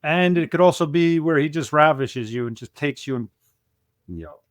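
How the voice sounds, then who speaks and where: A man speaking as a guest in a casual conversation, relaxed, plainspoken and blunt. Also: fairly high pitch, normal speed, no echo.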